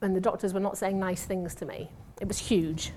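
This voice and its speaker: A woman's voice: mid-range voice, steady tone, normal speed, a little mellow. Woman, 50s, testimony sermon, conversational, self-deprecating humor. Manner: chatty, self-mocking storytelling with laughs and asides. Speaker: church speaker and former nurse.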